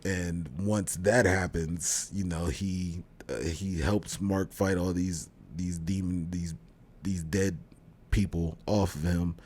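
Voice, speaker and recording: As co-host of a TV review podcast, a man casually retells scenes, stumbling through plenty of fillers and restarts. His deep voice is slow, steady, and darkish, with a little hiss or hum in the background.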